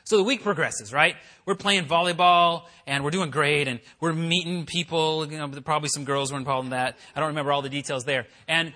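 A man preaching, telling a personal story in a chatty, animated way and acting out the voices he quotes. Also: fairly high pitch, brisk, hardly any pauses. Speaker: pastor. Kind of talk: sermon storytelling. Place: church worship center.

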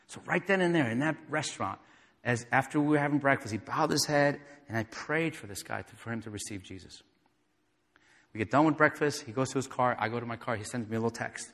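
A man preaching a sermon, telling a personal story and acting out the dialogue, dropping to a soft voice when moved. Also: mid-range voice, fast talker. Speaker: pastor. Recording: echoey hall with long reverb.

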